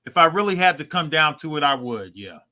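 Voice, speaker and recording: A man with an American accent calls in to a sports talk show. His tone is very bright and fairly high, and he weighs his opinions in an easygoing, hedging way. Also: very animated, fairly quick. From England. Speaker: caller.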